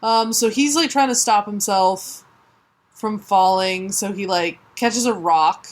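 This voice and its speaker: A woman's voice: medium pitch, slow pace. A woman co-hosting a casual comic book podcast, retelling the plot with laughs and silly put-on voices. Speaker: podcast co-host.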